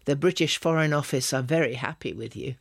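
A man reading an audiobook, voicing a young woman spy who is calm, cutting and quietly threatening. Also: medium pitch, brisk, creaky, dry recording, studio quality. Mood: coolly menacing.

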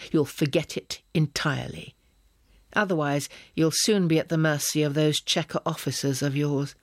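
A man reading an audiobook, voicing a young woman spy who is calm, cutting and quietly threatening. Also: on the high side, normal speed, no echo, studio quality, lightly acted. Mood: coolly menacing.

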